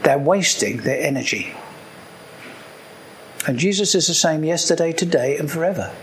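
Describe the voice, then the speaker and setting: A man's voice: a little high, lively intonation, moderate pace, a little hiss or hum. A man preaching a sermon in a conversational way, with joking asides and repeated key points.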